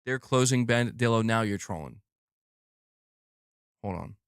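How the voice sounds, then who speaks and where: A man's voice: mid-range voice, unhurried, clear, resonant tone, no room sound, studio quality. Exasperated, swearing male streamer. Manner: profane, exasperated ranting. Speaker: gaming news streamer. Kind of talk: live stream commentary.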